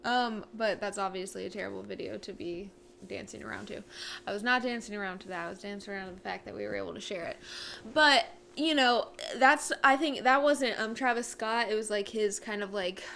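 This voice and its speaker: A woman's voice: medium pitch, fairly quick, vocal fry, fairly bright tone, slight background noise. A young woman co-hosting a casual talk show, speaking earnestly and with many fillers. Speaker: co-host. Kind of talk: casual chat.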